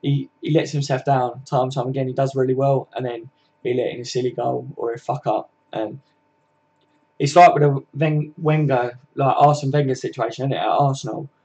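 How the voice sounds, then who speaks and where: A man's voice: medium pitch, fairly even intonation, moderate pace, warm tone, dull audio. A young man with a southern English accent, hosting a football live stream in casual, slangy chat full of tag questions as he answers viewer comments.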